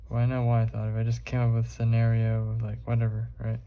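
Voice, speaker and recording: A man's voice: medium pitch, completely flat delivery, fast, narrow, tinny audio. A young man vlogging while he draws, rambling casually with lots of fillers and swearing. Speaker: art vlogger.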